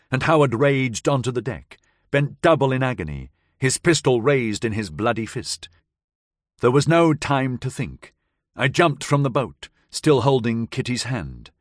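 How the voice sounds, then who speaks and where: A man reads a suspenseful audiobook in the first person, measured and dramatic, his pitch rising and falling expressively. He sits close to the mic in a dry, deadened booth. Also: no echo. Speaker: audiobook narrator. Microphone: close studio mic.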